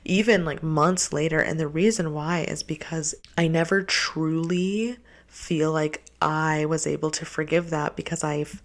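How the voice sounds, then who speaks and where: Young female host, low gravelly voice, blunt and profane, casual advice rant. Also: fairly even intonation, unhurried. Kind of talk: casual relationship-advice monologue.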